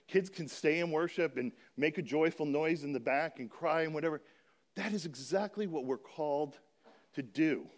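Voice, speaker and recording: A man speaking to a church congregation about a children's charity, explaining and slowly reading scripture aloud in an earnest manner. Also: fairly high pitch.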